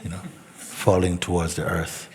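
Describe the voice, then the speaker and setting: A man giving a spiritual talk as a teacher, telling a story unhurriedly, with soft asides that sink almost to a whisper. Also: deep voice, monotone, normal speed, long reverb tail.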